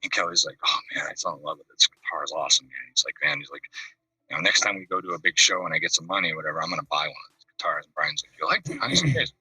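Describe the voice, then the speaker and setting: A fast-talking man with a low, husky voice tells a rambling story and slips into the voices of the people in it. His voice is bright and swings widely in pitch. He sits back from the mic on a dry video call. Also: steady tone, no room sound, distant mic, rough recording. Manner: rambling anecdotes, acts out the voices of the people in them. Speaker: caller. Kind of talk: casual storytelling.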